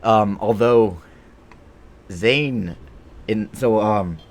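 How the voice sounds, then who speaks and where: A man's voice: fairly low pitch, drawn-out words. A man chatting casually with his live-stream viewers while playing a game, rambling and joking with the chat.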